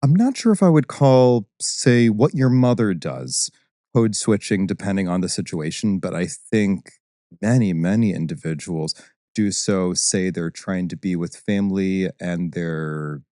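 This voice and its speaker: A male voice instructor speaks as a podcast guest, clear and teacherly. His speaking voice sits fairly low, and the recording is dry and close-miked. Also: animated, unhurried, mellow, no echo. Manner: articulate, explanatory, teacherly. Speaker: baritone singer and voice instructor, guest. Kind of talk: podcast interview.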